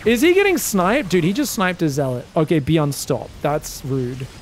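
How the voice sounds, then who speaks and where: A man casting a live esports match, excitable and joking, shouting out at big plays. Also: fairly high pitch, a little slow, slight background noise. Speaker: esports caster. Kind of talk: live game commentary.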